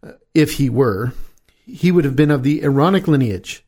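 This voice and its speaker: A middle-aged man preaching a sermon, asking rhetorical questions and slowing down on the key phrases. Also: mid-range voice, animated, a little mellow, slightly rough.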